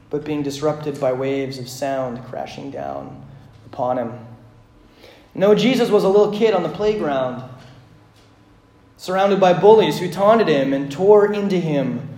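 A man with a high voice preaches a sermon in an echoing church hall. He is dramatic, rising to loud emphasis, then dropping to near-hushed lines. He repeats key phrases slowly. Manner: slow emphatic repetition. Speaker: pastor. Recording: echoey room.

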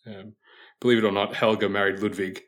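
Low-voiced man telling a wry story. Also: little pitch movement, brisk, fairly bright tone. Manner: chatty storyteller, wry, chuckles. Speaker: podcast panelist. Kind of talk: casual group chat.

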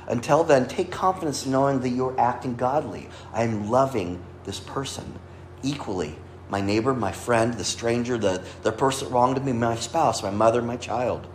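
A man's voice: medium pitch, slight background noise. A man preaching a sermon, earnest, quoting scripture and lifting or dropping his voice for emphasis. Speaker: pastor. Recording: echoey room with faint ambience.

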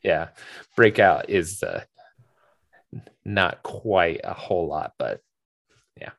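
Deep-voiced rambling podcast host. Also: male voice, animated, slow pace, creaky, a bit bright, dry recording, clean studio sound. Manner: rambling, many fillers and restarts. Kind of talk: casual chat.

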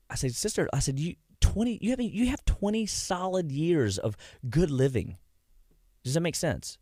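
In a dry, studio-quality recording, a middle-aged health practitioner hosts his own laid-back radio show about health. His voice sits in the mid range, and he chats away, telling stories and playing the parts of his patients.

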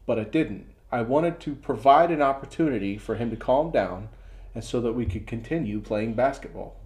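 A man's voice: mid-range voice, moderate pace. A middle-aged man co-hosting a casual podcast, telling an example story and acting out the quotes. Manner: storytelling with lively acted-out quotes. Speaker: podcast co-host.

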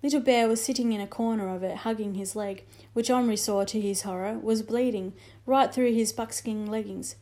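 A woman reading a children's storybook aloud in a measured, expressive way. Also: mid-range voice. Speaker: narrator.

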